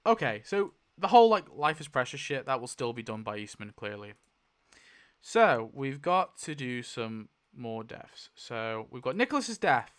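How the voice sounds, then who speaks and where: Chatty man thinking out loud. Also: mid-range voice, very animated, moderate pace. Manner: chatty, thinks aloud, swears and laughs often. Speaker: YouTube host. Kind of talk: casual commentary while spinning a wheel.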